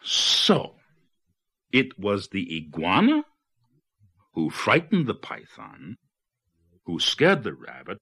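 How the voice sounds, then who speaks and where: A man's voice: on the low side, huge pitch swings, takes it slowly, gravelly, long pauses, bright, forceful tone, slightly rough, dry recording, studio quality, exaggerated voice. Man doing a stern storybook lion king.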